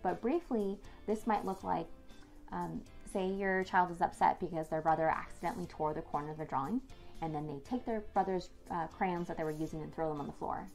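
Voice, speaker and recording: A woman in her thirties, an expert on child development, explaining discipline clearly with the odd filler. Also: fairly low pitch, steady tone, fairly quick, darkish tone, soft background music. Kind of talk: educational talk to camera.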